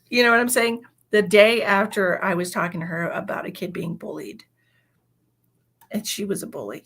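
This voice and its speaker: Woman, 40s, psychic medium on a livestream; husky, chatty, casual storyteller. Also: mid-range voice, normal speed, long pauses, a bit bright. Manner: chatty, fills with "you know".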